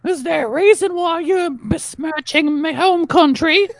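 Guy putting on a squeaky gravelly lady, huffy and offended. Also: measured pace. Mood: indignant. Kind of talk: podcast banter bit.

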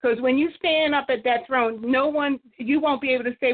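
A woman's voice: high voice, normal speed. A woman calling in to a talk line, rambling and preachy, quoting scripture. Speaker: caller. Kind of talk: phone-in call. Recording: phone line.

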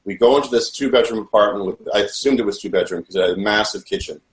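A man telling his own story in an earnest, halting way with many restarts, in a roomy echo. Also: fairly low pitch. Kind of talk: first-person testimony.

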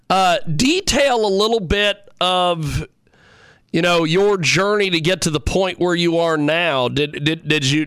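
Man, talk show host, stammering, halting, slightly high voice, dry close sound. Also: fairly bright tone, clean tone, no echo.

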